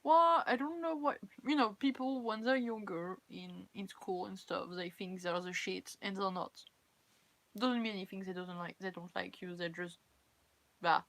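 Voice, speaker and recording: A woman's voice: medium pitch, steady tone, moderate pace, fairly bright tone. A young woman from France with a French accent, chatting casually and candidly on a live stream in English, her second language. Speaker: cosplay livestreamer.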